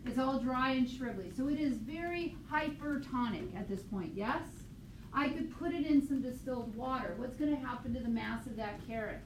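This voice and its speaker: A woman biology teacher lecturing a class, quizzing students with quick questions, recorded on a tablet mic across the classroom. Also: high-pitched. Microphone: tablet mic from across the room. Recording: echoey classroom, distant mic, faint noise.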